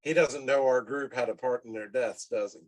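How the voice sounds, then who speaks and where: A man's voice: medium pitch, brisk, poor audio. Earnest man describing his character. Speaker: player.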